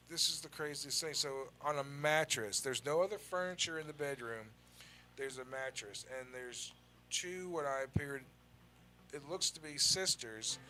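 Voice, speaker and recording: A man tells a story in loose, profane talk with a bright, pushing edge to his voice. He slips into the voices of the people he quotes. A faint hum of noise sits under him. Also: medium pitch. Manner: animated, acts out quoted dialogue. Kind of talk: casual storytelling with heavy swearing.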